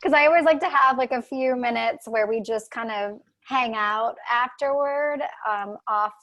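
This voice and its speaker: Relaxed woman hosting a video call. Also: fairly high pitch, normal speed, highs cut off. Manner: relaxed, laughs easily. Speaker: event host. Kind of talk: casual hosting.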